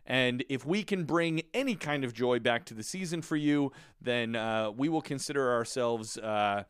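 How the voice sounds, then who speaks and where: A man's voice: medium pitch, moderate pace, clear, resonant tone, no room sound, studio quality. A man co-hosting a casual holiday podcast, enthusiastic and chatty, reading listener reviews aloud. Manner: enthusiastic, reads reviews in a put-on accent. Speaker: podcast co-host.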